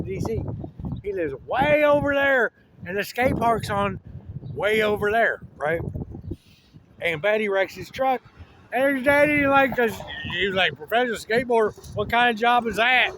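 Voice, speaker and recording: A man's voice: very high voice, lively intonation, normal speed, background noise. A man rambling through a casual monologue, slangy, with lots of restarts. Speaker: vlogger.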